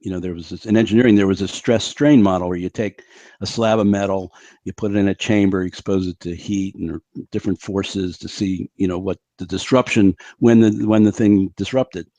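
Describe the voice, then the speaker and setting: An older man, a physician, talking in an interview, animated and telling stories with frequent restarts. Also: low voice, fairly quick, no echo. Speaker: physician guest. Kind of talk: interview conversation.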